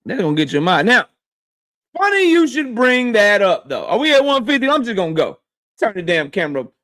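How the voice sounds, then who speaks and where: A man's voice: high voice, big pitch swings, fairly quick, pushed and bright. A man hosting a boxing live stream, reading chat and riffing loosely with lots of profanity and slang. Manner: loose, profane, trash-talking, reads chat aloud. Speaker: boxing channel host.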